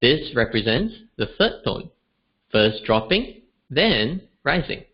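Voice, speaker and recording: A man's voice: medium pitch, slow. Guy teaching a webinar, voice jumps all around, kinda muffled lo-fi sound. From Singapore. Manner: lively, demonstrates tones aloud. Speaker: language teacher. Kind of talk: online webinar lesson. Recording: dull lo-fi webinar audio.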